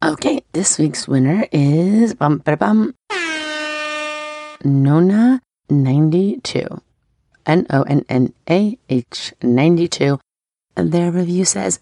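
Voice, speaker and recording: Woman podcast host, thirties, bubbly and chatty, gravelly fry, dry close mic. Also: sits low, expressive, slow, pauses often, dark tone, no echo. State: scratchy voice. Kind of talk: casual podcast chat.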